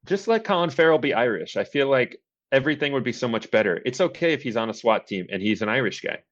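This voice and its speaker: A man's voice: medium pitch, animated, fast talker, a bit bright, highs cut off. A man from the Boston area, a filmmaker guest on a podcast, chatting casually and laughing often. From Boston area, USA. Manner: laid-back, swears casually, laughs often. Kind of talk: casual chat.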